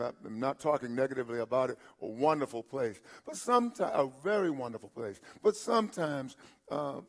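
A man's voice: medium pitch, creaky. Older preacher man in his seventies. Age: 70s. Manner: repetitive preaching with rhetorical questions, swelling louder at points; halting restarts and filler sounds. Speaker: pastor. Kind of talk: sermon.

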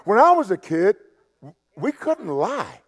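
A man preaching a sermon to a church and online audience. He talks conversationally, stammers and repeats himself, and swings from loud emphasis to quiet asides. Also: sits high, sing-song, unhurried. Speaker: pastor. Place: church sanctuary. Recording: long hall reverb.

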